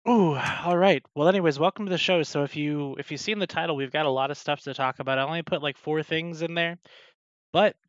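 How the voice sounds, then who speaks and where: A man's voice: on the high side, no room sound, dull audio. A man hosting a casual livestream talk show about an online game, swearing freely and cutting in on his co-hosts. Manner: casual, swearing, quick to cut in.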